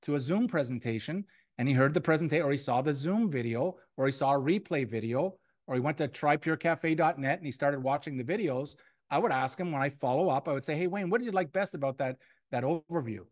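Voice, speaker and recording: A man's voice: a little high, a little fast. A man giving a motivational sales training to a room of people, repeating key points and acting out sample phone calls. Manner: energetic and repetitive, acts out sample phone calls. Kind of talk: motivational training talk to a live audience. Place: room with an audience.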